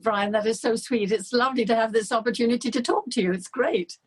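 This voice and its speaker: An older English woman speaks as an interview guest, her voice a little husky and breathy. She talks in a relaxed, warm way, laughing easily as she tells stories. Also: on the high side, fast. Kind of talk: casual chat.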